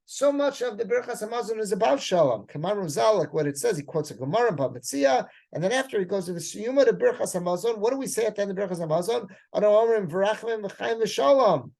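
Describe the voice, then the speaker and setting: A man's voice: high-pitched, animated, quick pace, gravelly, hardly any pauses, a little mellow. A man, a rabbi, giving a Torah class who reads Hebrew phrases and then explains each one in casual English. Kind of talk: Torah class, reading and translating a text.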